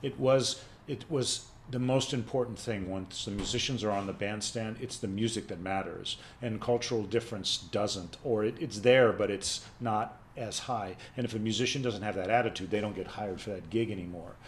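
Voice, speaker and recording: A man on a video call, a music professor and panelist in a casual webinar discussion, telling animated stories and lecturing. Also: fairly low pitch, normal speed, hardly any pauses, a little hiss or hum.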